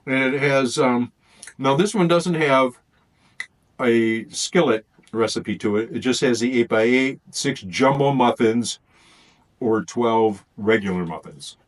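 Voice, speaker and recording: A man's voice: mid-range voice, takes it slowly. A man reviewing food in a casual vlog, thinking aloud and rambling as he tastes.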